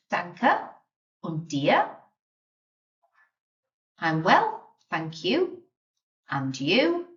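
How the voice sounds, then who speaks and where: A woman teaches a beginner language lesson, patient and clear, slowing down to model each word. Her voice moves lively up and down. The sound is roomy, a little distant and dull. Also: mid-range voice. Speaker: German teacher.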